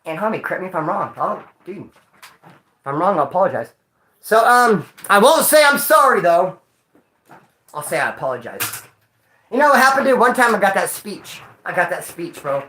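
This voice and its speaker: A man casually telling prison stories in a slangy, profane, animated way. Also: sits high, moderate pace, pauses often, reverberant. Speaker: storyteller recounting prison life. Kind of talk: casual storytelling monologue.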